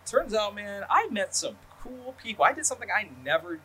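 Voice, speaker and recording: Bright-voiced man in rambling casual chat. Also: high voice, very animated, brisk, slight background noise. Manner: rambling, profane, lots of fillers. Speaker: podcast host.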